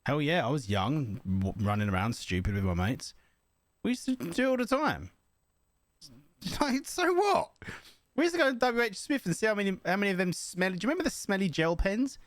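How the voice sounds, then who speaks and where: Brief: young guy, bouncy delivery, jokey rambling host, slightly high voice. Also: big pitch swings, fast, no room sound. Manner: joking, rambling, laughs often. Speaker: reaction video host. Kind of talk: casual reaction commentary.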